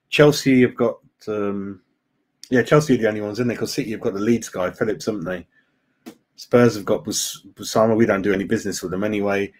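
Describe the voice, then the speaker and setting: A man's voice: fairly low pitch, a little mellow. A man hosting a live fan stream, chatting casually and reading out viewers' comments as he goes. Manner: chatty and matey, reads chat aloud, calls viewers mate. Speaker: fan channel host. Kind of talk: live-stream chat about football.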